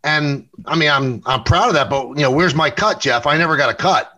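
Bright-voiced New York man telling stories. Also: a little high, rough recording. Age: middle-aged. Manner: storytelling, quick self-corrections, repeats words. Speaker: sportscaster and interview show host, guest here. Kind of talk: casual interview conversation.

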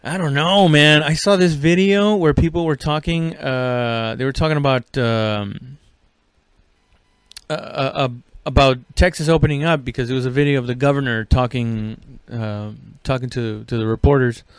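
Guy in his 30s rambling on his podcast, swears a lot, lots of ums, smooth clear voice, dry close mic. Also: medium pitch, normal speed, dry recording. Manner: rambling, profane, lots of fillers and restarts. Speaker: podcast host. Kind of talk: casual solo podcast chat.

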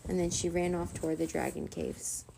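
A woman reading a children's chapter book aloud in a steady, even narrating voice. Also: lowish voice, moderate pace, gravelly, background noise. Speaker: storyteller.

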